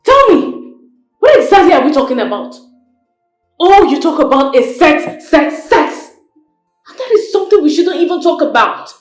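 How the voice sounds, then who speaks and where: A woman's voice: sits high, lively intonation, measured pace, pauses often, roomy sound, soft background music. An actress playing a young widowed queen who pleads tearfully and snaps back in anger. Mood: angry defiant. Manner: tearful, pleading, then sharply angry. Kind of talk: Nollywood film acting.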